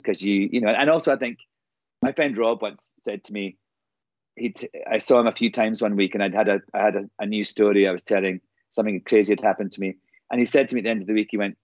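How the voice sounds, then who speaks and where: A man's voice: lowish voice, a little mellow, dry recording, muffled recording. A man, a singer and performer, telling showbiz anecdotes in casual chat and quoting people in other voices.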